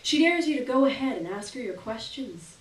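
A woman's voice: fairly high pitch, expressive, fairly quick. A woman giving a dramatic live reading of a story in the second person. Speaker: reader. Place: stage in a hall. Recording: echoey hall from far off.

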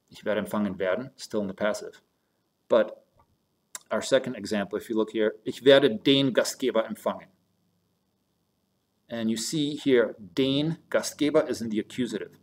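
A man with a somewhat low voice teaches German grammar in a recorded lesson. He explains patiently and slowly, moving back and forth between German sentences and their English meaning, and talks to his students as "you guys".

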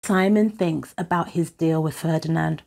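A woman reading a children's picture book aloud in an expressive storytelling way. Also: low-pitched, creaky, a little hiss or hum. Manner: expressive, unhurried.

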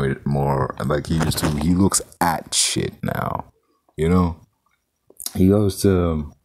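Gravelly low-voiced man ranting about a film. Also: a little mellow. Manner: rambling, profane, filler-heavy. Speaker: film reviewer. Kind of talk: casual movie review vlog.

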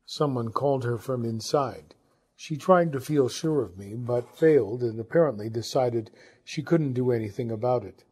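A man narrating a literary novel as an audiobook, measured and reflective. His voice sits at a middle pitch and sounds mellow and warm, with a husky edge. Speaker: audiobook reader.

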